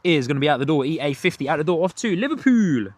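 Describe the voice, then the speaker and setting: A man's voice: fairly high pitch, steady tone, very fast, no room sound. A man hosting a live plane-spotting stream outdoors near a runway. He talks chattily and greets his viewers by name. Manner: chatty, reads out viewer comments and greets chat.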